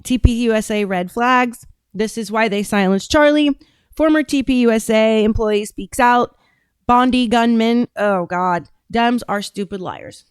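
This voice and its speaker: A woman's voice: fairly high pitch, a little slow, smooth, no echo. Blunt, rambling woman on a dry mic. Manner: blunt, rambling, with many restarts and fillers. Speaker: podcast host and political candidate. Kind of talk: casual political commentary.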